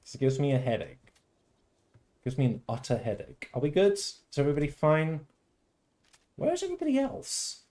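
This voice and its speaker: Man, game livestream host, warm mellow tone, theatrical, loud outbursts then murmurs, casual chat at home. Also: medium pitch, brisk. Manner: theatrical, swings between loud outbursts and mock-tender murmurs.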